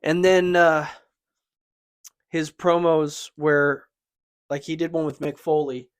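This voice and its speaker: A man's voice: on the high side, fairly even intonation. A man co-hosting a casual chat, talking in a chatty way and often quoting catchphrases. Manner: chatty, quick to quote catchphrases and laugh. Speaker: wrestling podcast co-host.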